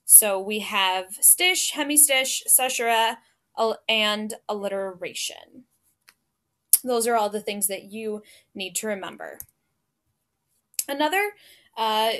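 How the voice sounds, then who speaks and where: A woman's voice: on the high side, a bit bright. Woman teaching with patient step-by-step explanations. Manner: explains step by step, frequent ums and restarts. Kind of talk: recorded classroom lecture.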